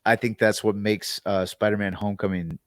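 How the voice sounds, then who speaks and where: A man co-hosting a podcast in casual chat, relaxed and loose with fillers. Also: on the low side, fairly quick, no room sound, studio quality. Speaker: podcast co-host.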